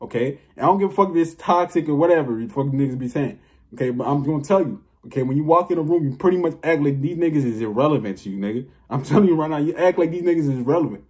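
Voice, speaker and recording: Young male vlogger, emphatic, repetitive, quick delivery. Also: fairly high pitch, lively intonation, a little mellow. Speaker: spiritual vlogger. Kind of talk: casual spiritual monologue.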